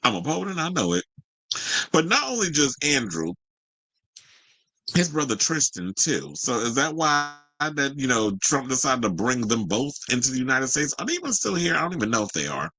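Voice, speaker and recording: A man talks through celebrity headlines in a casual, joking way and drops into sarcastic side comments. His voice sounds slightly husky. It is recorded dry and close to the mic. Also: medium pitch, big pitch swings, moderate pace, pushed and bright, dry recording, poor audio. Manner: loose, joking, sarcastic, colloquial. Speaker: host of a celebrity news show. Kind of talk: casual commentary, reading news with asides.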